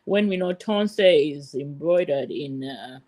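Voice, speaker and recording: A woman's voice: sits low, animated, takes it slowly, warm tone. A woman from Zambia hosting a panel podcast, moderating and moving the discussion between topics. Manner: moderating, moves the talk along. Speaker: podcast host.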